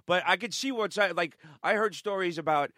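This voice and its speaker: A man telling animated stories in casual chat, acting out the people he quotes and swearing. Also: sits high, fairly quick, no echo, clean studio sound.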